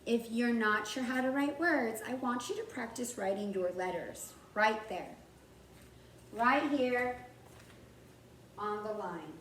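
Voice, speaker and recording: Speaking slowly with long pauses, this woman has an animated, somewhat bright voice on the high side. She's a kindergarten teacher patiently sounding out words during a writing lesson for young children. The recording is roomy and taken from far off the mic, with slight background noise and faint ambience.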